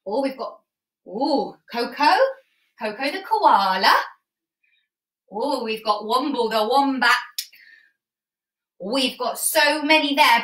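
A woman's voice: sits high, sharp tone. Sing-song woman teaching toddlers. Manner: sing-song, exaggerated storytelling with gasps and coaxing questions. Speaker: children's music and drama teacher. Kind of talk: live-streamed class for toddlers. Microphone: webcam or phone on a stand.

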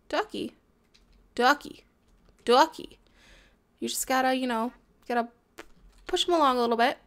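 High-voiced playful woman gaming. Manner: playful, talks to in-game animals, excitable outbursts. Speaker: gameplay commentator. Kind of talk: casual let's-play commentary.

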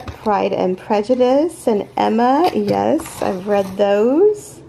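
A woman hosting a crochet channel, gushing and stammering with excitement as she opens packages from followers. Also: mid-range voice, slow pace, creaky, slightly rough, rough recording. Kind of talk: excited unboxing vlog.

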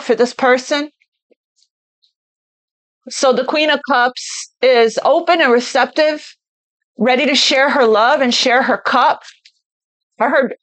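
Earnest woman reading tarot cards. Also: high voice. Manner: earnest, intuitive, speaks as if channeling messages; repeats phrases for emphasis. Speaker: tarot reader. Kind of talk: spontaneous tarot card reading.

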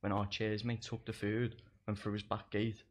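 A man's voice: fairly low pitch, level tone, normal speed. A young man, telling stories in casual chat, swearing a lot and laughing through them. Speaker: guest comedian.

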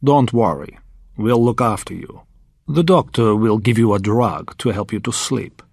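A man's voice: on the low side, animated, unhurried, gravelly, a little mellow, husky, dry recording, full character voice. A man voicing a menacing villain who coolly threatens a captive, reading from a storybook. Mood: falsely kind.

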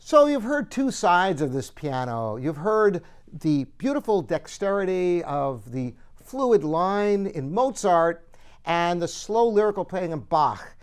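A man's voice: high voice, very animated, slow, clear, resonant tone. A man hosting a piano store video, presenting and demonstrating an instrument with enthusiastic, admiring talk. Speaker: piano store host and pianist.

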